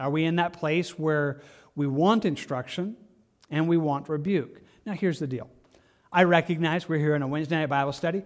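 A man teaching a Bible study as a pastor, talking in a conversational way with frequent restarts. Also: a little high.

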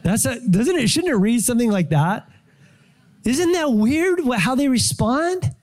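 A man with a high voice preaching a sermon. He talks casually and tells the story with energy, acting out lines in voices as he goes. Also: sing-song, measured pace, a little mellow. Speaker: pastor.

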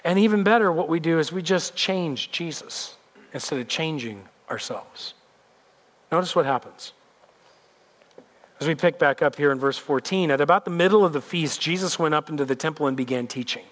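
A man preaches a sermon in a high, bright-edged voice, leaning into points with emphatic repetition. His delivery stays conversational even while it presses hard on the message. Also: moderate pace. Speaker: pastor.

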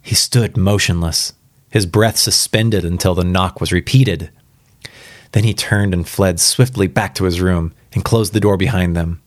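A man's voice: deep voice, steady tone, measured pace, dry recording. A man reading a spooky story aloud for the first time, casual and reacting aloud between passages. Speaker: reader.

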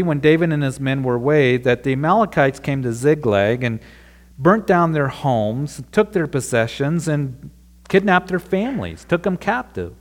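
A man's voice: on the high side, expressive, moderate pace. A man preaching a sermon in a church room, reading a passage aloud and then explaining it earnestly to the congregation. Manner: earnest preaching, reads scripture then expounds it. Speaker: pastor.

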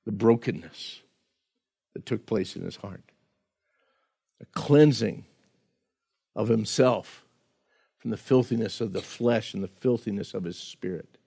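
A man's voice: on the low side, a little slow, vocal fry, long pauses, warm tone, slightly rough. A man preaching a sermon as pastor, in a conversational way, often repeating words and acting out quotes.

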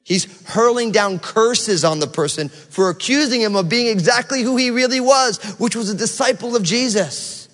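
A man's voice: high voice, moderate pace, few pauses, a bit bright. A male pastor giving a conversational sermon, acting out the inner voices people hear. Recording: long reverb of a large hall.

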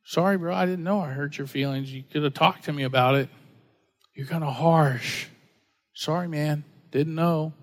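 A man's voice: on the high side, fairly even intonation, moderate pace. Casual, jokey male pastor. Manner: conversational, jokey, acts out quoted voices. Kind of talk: casual storytelling sermon.

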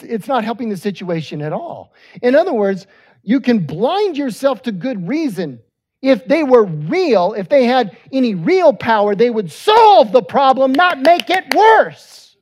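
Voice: medium pitch, darkish tone. A pastor preaching a conversational sermon with joking asides.

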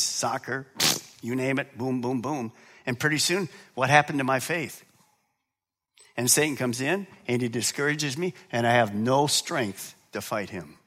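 A middle-aged man preaching a sermon as pastor, moving between quiet low asides and loud, high preaching, and asking the congregation questions he then answers himself.

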